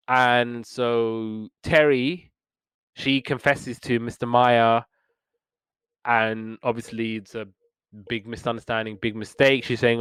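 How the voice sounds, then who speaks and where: A man's voice: medium pitch, fairly even intonation, measured pace, fairly bright tone, clean tone, no echo. Earnest man recapping a cartoon. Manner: earnest plot retelling, acting out characters' lines. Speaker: podcast host reviewing old cartoons. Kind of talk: casual chat.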